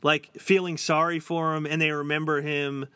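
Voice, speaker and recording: Man, podcast co-host, casual chat, bright tone, slightly high. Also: little pitch movement, moderate pace, clean tone, dry recording. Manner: chatty, many fillers and restarts.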